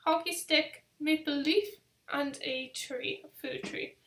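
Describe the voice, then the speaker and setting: A woman's voice: sits high, fairly even intonation, takes it slowly, fairly bright tone, a little hiss or hum. A young woman hosting a casual live travel quiz, chatty and rambling, with self-deprecating asides. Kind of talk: casual live-stream chat.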